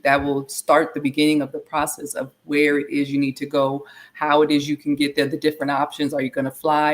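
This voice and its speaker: A woman with a notably low voice co-hosts a casual talk. She explains at length, circling back and restarting phrases as she builds her point. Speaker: co-host.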